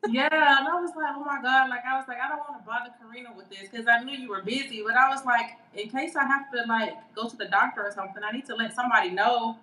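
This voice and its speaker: A woman co-hosting a podcast over a video call, telling a story in a casual, animated way and acting out the dialogue. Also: fairly high pitch, quick pace, few pauses, reverberant, low-quality recording. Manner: animated, excitable, acts out quoted dialogue. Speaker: podcast co-host. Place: her home during a storm.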